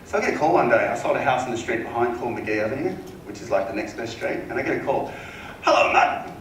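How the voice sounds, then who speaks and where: A man telling a casual, animated sales story at a seminar, acting out the voices of the people in it. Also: mid-range voice, racing, a little hiss or hum. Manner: casual, animated anecdote-telling with acted quotes. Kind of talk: storytelling talk to an audience. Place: seminar room. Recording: echoey hall, mic at a distance.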